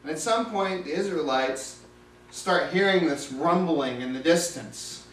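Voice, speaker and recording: Male lay preacher, high voice, casual dramatic storytelling, roomy recording from a distance. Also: measured pace. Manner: conversational, vivid retelling.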